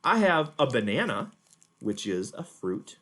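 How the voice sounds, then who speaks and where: A man's voice: medium pitch, sing-song, a little slow, a bit bright. A man teaching a word to children with a puppet, patient and encouraging. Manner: patient, encouraging, clearly spoken. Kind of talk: speech lesson for children.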